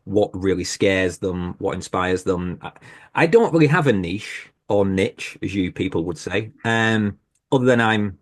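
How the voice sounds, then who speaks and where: Low-voiced British man chatting. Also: animated, normal speed. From Britain. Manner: chatty and self-deprecating, with stammered restarts. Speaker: podcast host, panel guest. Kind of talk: casual panel chat. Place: home, video call. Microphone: video call mic.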